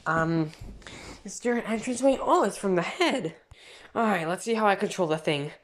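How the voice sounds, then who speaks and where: A woman voicing a pushy, excitable male plush rabbit who whines and schemes through a plush toy video, full of fillers. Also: medium pitch, moderate pace, slight background noise, natural voice. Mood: scheming. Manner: whiny and scheming, rambles with fillers.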